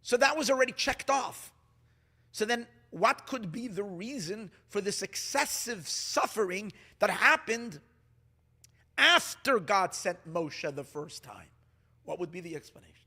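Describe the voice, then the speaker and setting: Animated rabbi with a bright high voice. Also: male voice, unhurried. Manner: animated, restarts often, acts out quoted dialogue. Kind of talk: sermon.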